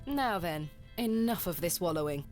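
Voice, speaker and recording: An actress voicing a composed young Victorian woman, the protagonist of a game, narrating and speaking in a measured, proper way. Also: on the low side, lively intonation, soft background music, lightly acted. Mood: reflective.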